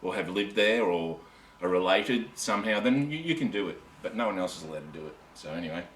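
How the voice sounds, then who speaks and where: A man's voice: low voice, animated, a little fast, fairly bright tone. A tired man with an Australian accent chatting casually to camera, rambling and cutting himself off. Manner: rambling, self-interrupting, chatty. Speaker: camping vlogger. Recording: echoey and distant with faint ambient noise.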